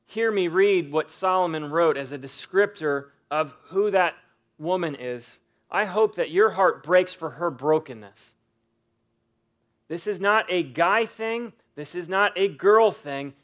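A man preaching a sermon, earnest and emphatic, repeating phrases for weight and reading scripture slowly and dramatically. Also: high-pitched, fairly bright tone. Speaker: pastor.

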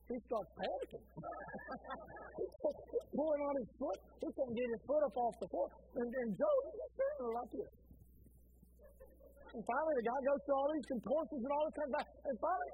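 A woman preaches a sermon in a high voice that rises and falls freely. She tells her stories with animated energy and doubles back on her own words as she goes. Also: normal speed, pauses often, slightly rough, phone-quality sound. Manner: animated storytelling preacher, repeats phrases.

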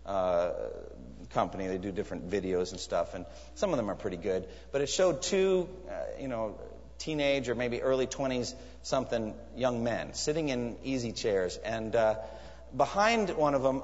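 A man's voice: medium pitch, animated, normal speed. A man preaching a sermon in an earnest, emphatic way, pressing his listeners with searching questions. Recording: echoey hall, dull lo-fi sound.

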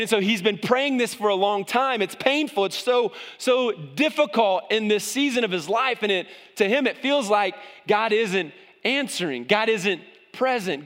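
Male pastor, sermon delivery, impassioned, high voice, reverberant hall. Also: a bit bright. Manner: impassioned, rises in pitch when voicing cries to God.

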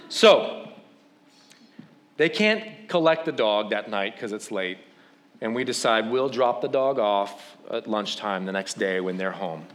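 A man preaching, telling a funny, self-deprecating story and acting out what people said. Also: mid-range voice. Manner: animated, self-deprecating, acts out quotes. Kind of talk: humorous sermon storytelling.

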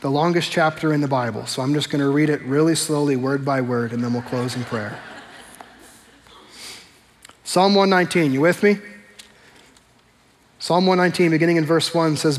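A man preaching a sermon as pastor, talking in a relaxed, conversational way and slowing down to stress the scripture he quotes. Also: on the high side. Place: church sanctuary. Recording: long hall reverb.

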